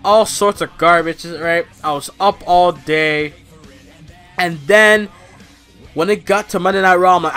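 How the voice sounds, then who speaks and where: A man talks through a casual review in a rambling, profane style. He works himself up into animated rants. His voice is fairly high and bright, with faint music playing behind him. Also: measured pace, clear, resonant tone. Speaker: wrestling reviewer.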